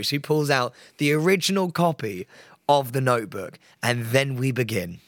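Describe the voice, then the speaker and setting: A man's voice: mid-range voice, a little fast, no echo, studio quality. A man co-hosting a podcast, telling a story in casual chat, swearing freely and acting out what other people said. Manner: animated, swears freely, acts out others' voices. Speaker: podcast co-host.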